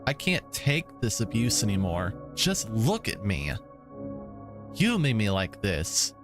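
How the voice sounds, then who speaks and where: A man's voice: lowish voice, very animated, takes it slowly, music in the background. A man voicing a distraught schoolgirl breaking down. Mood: anguished, accusing. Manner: pleading, accusing outbursts. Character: distraught young female student, breaking down.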